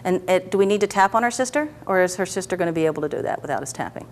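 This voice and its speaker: A woman practitioner guiding a client through a therapy session, asking gentle, coaxing questions and checking in often. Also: on the low side, animated, rapid-fire. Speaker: EFT practitioner.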